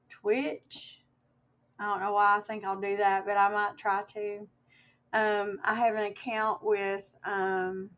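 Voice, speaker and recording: A woman's voice: mid-range voice, gravelly, lo-fi sound. A woman livestreaming to her viewers in a casual, rambling way, with many fillers and restarts and some emotion.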